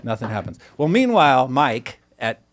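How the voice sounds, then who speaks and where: A man's voice: medium pitch, normal speed. An American man co-hosting a podcast, telling stories in casual banter and acting out the people he quotes. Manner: animated storyteller, acts out quotes. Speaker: podcast co-host.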